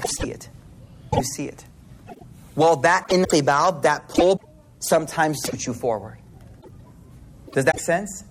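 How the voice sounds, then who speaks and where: A man giving an informal religious talk, slangy and animated, swinging between hushed and loud. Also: on the high side. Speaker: religious speaker. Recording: noisy recording with clicks.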